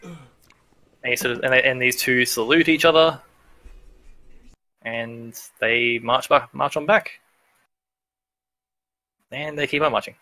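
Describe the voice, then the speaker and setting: A man runs a tabletop game as its game master. His voice is bright and forceful, and the sound is dry and close. He hesitates often, restarting sentences and filling gaps with ums and "sort of". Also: medium pitch, slow, pauses often, no room sound. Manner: hesitant, many fillers and restarts.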